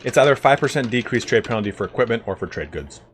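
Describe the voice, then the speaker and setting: Chatty male game streamer, animated delivery, soft music under him. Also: medium pitch, quick pace. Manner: chatty, greets viewers, bursts into excited reactions. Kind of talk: casual live-stream commentary.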